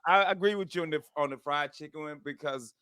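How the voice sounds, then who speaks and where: A middle-aged man co-hosting a comedy radio talk show, talking in a relaxed way with frequent restarts. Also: fairly high pitch, fast, clean tone, no echo, studio quality. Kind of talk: casual comedy radio banter.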